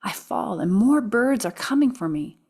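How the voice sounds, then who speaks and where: A woman reading aloud from her own memoir, expressive, sometimes dropping into soft whispers. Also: mid-range voice, moderate pace, husky. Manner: expressive, drops to soft whispers at quiet moments.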